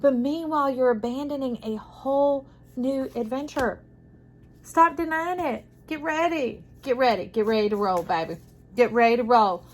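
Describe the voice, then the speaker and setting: A woman's voice: mid-range voice, a little hiss or hum, low-quality recording. Soothing, affirming woman tarot reader. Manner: soothing, affirming, drifts between soft hushes and bursts; addresses listener as friend. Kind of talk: intuitive tarot reading to camera.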